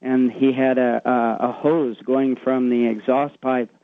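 A man's voice: mid-range voice, flat delivery, a little slow, dry recording. A man calling in to a radio show, earnestly retelling a secondhand story with many fillers. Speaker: caller. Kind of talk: phone-in storytelling. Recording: tinny phone line.

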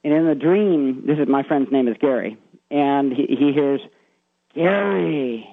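A man's voice: medium pitch, fairly even intonation, moderate pace, no room sound. A man calling in to a radio show, earnestly retelling a secondhand story with many fillers. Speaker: caller. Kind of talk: phone-in storytelling. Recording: tinny phone line.

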